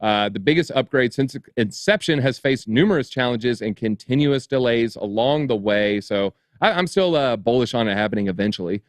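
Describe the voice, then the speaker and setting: A man's voice: medium pitch, animated, moderate pace, few pauses. A man reads news stories aloud on a casual talk show, breaking in often with sarcastic side remarks. His voice is recorded close up in a dry, dead room with no reverb. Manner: reads headlines, then adds dry sarcastic asides. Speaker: crypto show co-host. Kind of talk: news commentary, reading articles aloud.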